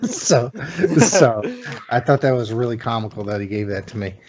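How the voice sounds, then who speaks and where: A man's voice: mid-range voice, very animated, normal speed, a loud crowd. A man co-hosting a casual podcast chat, easygoing and joking. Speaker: podcast co-host. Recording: lo-fi call audio with faint noise.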